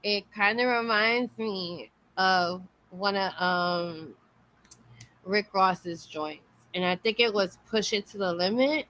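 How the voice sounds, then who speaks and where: A woman's voice: medium pitch, slow pace, sharp tone. A woman hosting a casual interview, upbeat and encouraging, with plenty of slang. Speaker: interview host. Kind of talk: casual chat.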